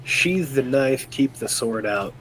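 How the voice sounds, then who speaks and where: A man's voice: mid-range voice, lively intonation, slow pace, a bit bright, a little hiss or hum. A man playing a tabletop game, talking through his character's actions and asking the game master questions. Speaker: player. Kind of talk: casual tabletop play.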